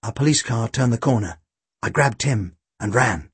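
A man narrating a first-person audiobook, with a lively, wry delivery and deadpan asides. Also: medium pitch, normal speed, husky, dry recording.

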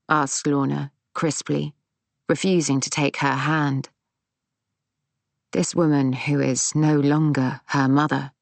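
A woman reading a novel aloud in calm, measured narration. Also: deep voice, gravelly, no echo. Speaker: audiobook narrator. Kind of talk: scripted narration.

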